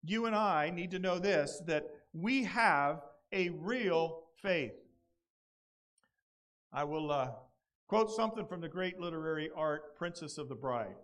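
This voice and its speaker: High-voiced pastor preaching earnestly. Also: male voice, a little slow, fairly bright tone. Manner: earnest, conversational preaching with dramatic scripture reading. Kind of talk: sermon.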